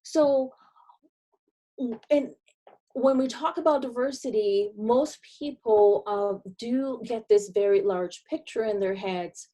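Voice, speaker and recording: A woman from Brazil with a Brazilian accent, a consultant giving an earnest presentation talk with emphatic pauses between phrases. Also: on the high side, warm tone. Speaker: diversity and inclusion consultant.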